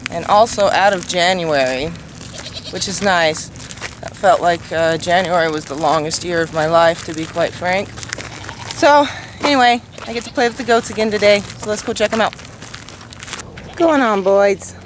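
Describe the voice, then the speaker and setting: A woman running a casual farm vlog, chatting relaxed and cooing sweetly to her goats and dog outdoors. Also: fairly low pitch, moderate pace, noisy background. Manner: relaxed, talks sweetly to animals. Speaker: goat farmer vlogger.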